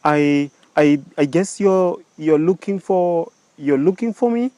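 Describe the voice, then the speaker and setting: A man's voice: on the high side, lively intonation, takes it slowly, warm tone, no room sound, voice pushed up. A man voicing an insistent woman who pleads and repeats herself in a raised voice. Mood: pleading.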